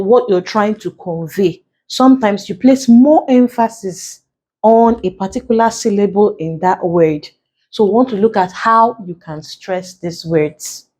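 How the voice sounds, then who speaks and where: A woman with a Nigerian accent teaches an exam prep lesson on English pronunciation. She explains patiently, counts out syllables and repeats key terms so they stick. Her voice sits at a middle pitch for a woman. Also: darkish tone. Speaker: English tutor.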